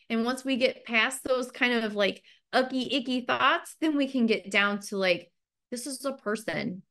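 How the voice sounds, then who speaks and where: Speaking in a medium-pitched, slightly bright voice, a female mental health counselor leads a training webinar. Her delivery is relaxed and conversational, full of "like" and "you know."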